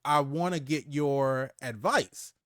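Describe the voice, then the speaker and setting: A man co-hosting a casual movie review chat, retelling scenes with lively acted-out lines and frequent laughs. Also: mid-range voice, slow pace, no echo, clean studio sound. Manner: animated retelling, acts out character lines, laughs often. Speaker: podcast co-host.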